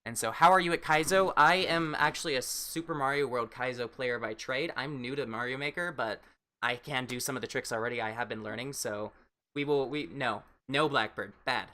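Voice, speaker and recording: A chatty male streamer at a home setup, talking into a desk mic. His voice is bright and forward, and his pitch sits in the middle. He greets viewers and asks his guest questions between game talk. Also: a little fast. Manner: chatty, greets viewers and reads chat while playing a game. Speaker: livestream host. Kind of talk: live-stream chat with viewers.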